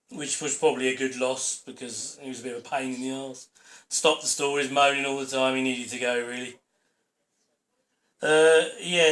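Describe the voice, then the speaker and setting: A man's voice: medium pitch, a bit bright. A man giving a rambling, opinionated audio commentary over a sitcom episode on his channel. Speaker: channel host. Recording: roomy echo.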